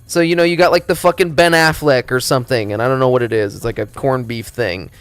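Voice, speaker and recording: A man streaming, chatting casually in a rambling, profane, animated storytelling way. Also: medium pitch, fast talker, clear, resonant tone, no echo, faint music behind.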